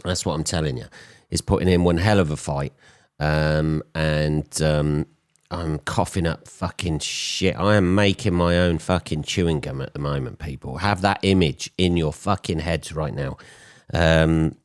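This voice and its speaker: A man in his forties, hoarse from a cold, hosting a podcast in a blunt, swearing, rambling monologue. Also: very deep voice, measured pace, no echo, studio quality. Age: 40s. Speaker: podcast host. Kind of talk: casual solo podcast monologue.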